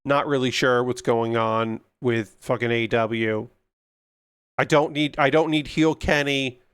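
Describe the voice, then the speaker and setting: A man's voice: medium pitch, fairly even intonation, a little slow, fairly bright tone, clear, resonant tone, no room sound, clean studio sound. A young man chatting casually on a livestream while building a model kit, ranting with frequent swearing and filler words. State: yawning.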